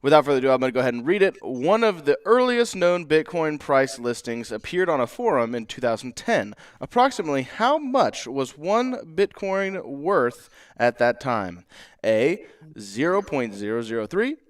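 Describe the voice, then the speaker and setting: A man's voice: fairly high pitch, sing-song, moderate pace. A man co-hosting a livestream, playful and mock-earnest, talking in a put-on country drawl. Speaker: co-host. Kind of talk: livestream chat, reading a quiz.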